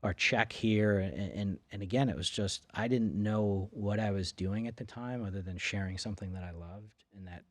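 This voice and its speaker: Guest, male, lowish voice, dry close sound, chatty storyteller full of fillers. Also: moderate pace, few pauses, no echo. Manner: rambling, with many fillers and restarts. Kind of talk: casual storytelling. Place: studio in Boca.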